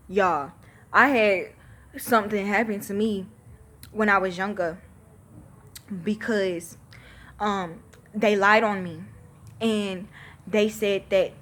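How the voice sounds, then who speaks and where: A woman's voice: medium pitch, fairly bright tone. A thirteen-year-old girl venting to camera, emphatic, exasperated and full of swearing. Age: teens.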